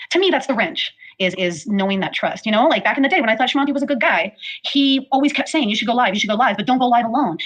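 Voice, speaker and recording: A woman with a fairly high voice chats fast on her livestream. She rambles, apologizes again and again and fills her talk with likes and ums. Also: fairly bright tone. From Canada. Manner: rambling, apologetic, filler-heavy. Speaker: livestream host. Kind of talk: casual livestream chat.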